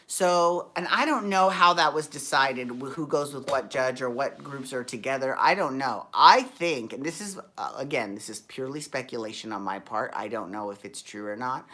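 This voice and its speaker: A woman's voice: low-pitched, fairly bright tone. A woman hosting a casual recap show, talking in a sassy, campy, gossipy way and often rambling and correcting herself.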